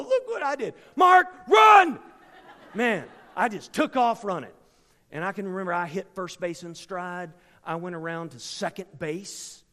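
A middle-aged man preaching a storytelling sermon, with a dramatic delivery that swings from hushed asides to sudden shouts. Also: a little high. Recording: long reverb from a large hall.

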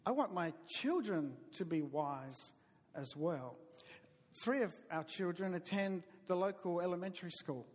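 A middle-aged man with a Southern US drawl preaches from the pulpit in a fairly high voice, telling folksy stories about himself. He stumbles and restarts now and then, and his words ring out with a long reverb in a church sanctuary. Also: unhurried. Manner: folksy, self-deprecating storytelling with hesitant restarts. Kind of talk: sermon.

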